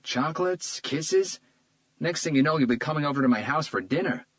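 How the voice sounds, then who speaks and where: Man doing a frail injured detective, wry jokes, raised pitch, dry close sound. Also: moderate pace, dry recording, close to an everyday voice. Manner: wry and joking. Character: wounded male detective in hospital, wry.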